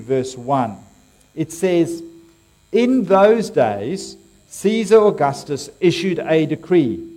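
A preacher with an Australian accent and a mellow voice on the high side gives a playful sermon. He keeps it interactive, joking with his congregation and quizzing them.

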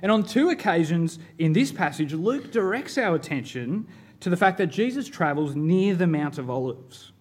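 A man in his thirties, a pastor, preaching a sermon in a measured, emphatic way with rhetorical questions. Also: on the high side, animated, breathy edge.

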